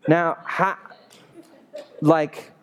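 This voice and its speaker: A male pastor delivering a sermon in a church. He talks in an easy, conversational way, animated and quick to ask the congregation whether they follow. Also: a little high.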